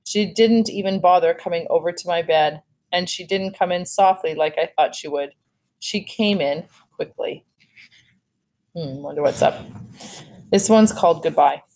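A woman teacher reads a novel aloud to her young class in a calm, plain way. Her voice sits a little low, and she stops now and then for short asides. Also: moderate pace.

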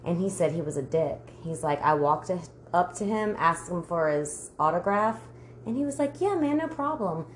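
A woman's voice: lowish voice, expressive, moderate pace, a little hiss or hum. A woman co-hosting a podcast, telling stories in casual chat, laughing often and swearing freely. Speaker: podcast co-host.

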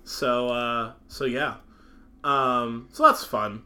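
A man's voice: medium pitch, fairly even intonation, takes it slowly, sharp tone. A man co-hosting a casual podcast chat about a film, laughing often, with lots of ums and uhs. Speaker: podcast co-host.

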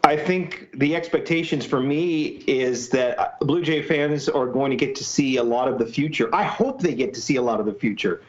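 A man's voice: mid-range voice, normal speed, few pauses, lo-fi sound. A Canadian man, a guest on a sports podcast, talking through his opinions in a chatty way. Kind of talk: casual sports podcast chat.

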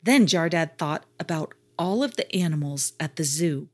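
A woman narrating a children's story in an expressive storytelling manner. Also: low voice, normal speed.

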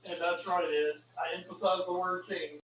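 A high-voiced man co-hosting a casual podcast, excitable and animated, given to loud shouted asides. He sounds like he's in an echoey room. A faint hiss of noise runs under his voice. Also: moderate pace. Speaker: podcast co-host. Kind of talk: casual chat.

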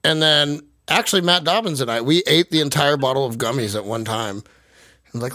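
A man's voice: a little high, expressive, a little fast, pushed and bright, no room sound, studio quality. Laughing, swearing man telling stories. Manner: laughing storyteller, swears freely. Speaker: podcast host. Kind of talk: casual chat. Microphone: video call.

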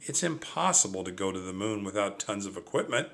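A man's voice: on the low side, expressive, a little fast, gravelly, a bit bright. An older man reading aloud and voicing a cautious, reluctant young boy who grumbles sensibly.

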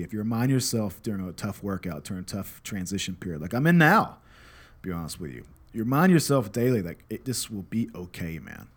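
A man in his thirties tells a story from home in a loose, unscripted way, swearing freely and poking fun at himself. His voice sits at an ordinary middle pitch. He drifts into reflective advice, still relaxed and candid. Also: husky. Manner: candid, profane, reflective, self-deprecating. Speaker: podcast host and father. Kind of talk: casual storytelling monologue.

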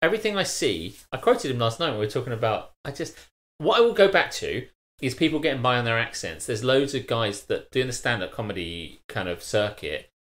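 A man's voice: medium pitch, very animated, a little fast, a bit bright. A man co-hosting a live-streamed chat show, opinionated and restarting sentences as he goes. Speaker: co-host.

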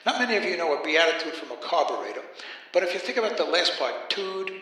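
A folksy, wisecracking Brooklyn Jesus preaching to a crowd, played by a man in his own accent. The voice sits a little high and rings out in a very echoey room. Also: big pitch swings, quick pace, sharp tone, heavily acted. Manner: folksy, joking street-corner preaching. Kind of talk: comic monologue.

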